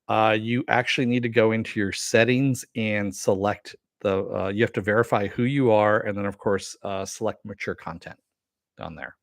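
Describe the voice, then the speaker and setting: A middle-aged man hosting a live-stream review, chatting casually and answering viewer comments with many fillers and pauses. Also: fairly low pitch, dry recording, studio quality. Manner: rambling, with frequent fillers and throat clearing.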